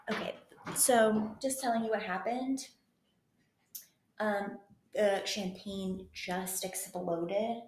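A woman's voice: mid-range voice, echoey room, slight background noise. A woman co-hosting a podcast, chatting casually and giggling, with lots of "like" fillers, recorded in a public venue. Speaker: podcast co-host. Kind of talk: casual chat.

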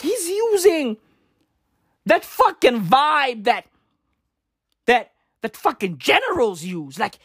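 A woman's voice: fairly high pitch, slightly rough, no echo, clean studio sound. A young woman, ranting in slangy, profane commentary and repeating tag questions. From South Africa. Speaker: vlogger.

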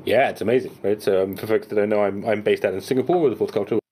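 A man's voice: fairly low pitch, fairly even intonation, racing, dark tone, slight background noise. A man in casual post-game chat over an online call, talking with many fillers and restarts. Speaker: game master. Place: home setup in Singapore, online call.

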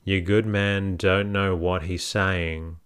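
A man's voice: low voice, flat delivery, slow, fairly bright tone, clean tone. Man voicing a scolding old stay-lace seller. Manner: scolding, rustic. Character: buxom older female stay-lace dealer, scolding.

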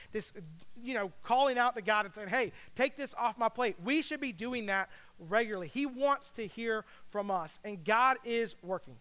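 A middle-aged man delivers a sermon as a pastor, talking to the congregation in a conversational, emphatic way. His voice sits very high and is smooth and clear. He slips into short acted quotes as he preaches. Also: pushed and bright.

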